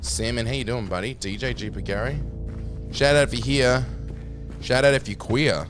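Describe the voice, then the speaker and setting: A man's voice: medium pitch, moderate pace, soft background music. A man streaming a game, chatting casually in a rambling, crude, jokey way.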